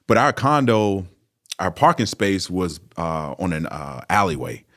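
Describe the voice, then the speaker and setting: A man in his thirties or older, a former pro football player, telling a story as an interview guest in a casual, animated way, with lots of "you know" fillers and restarts. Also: low-pitched, a little slow. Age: 30s or older.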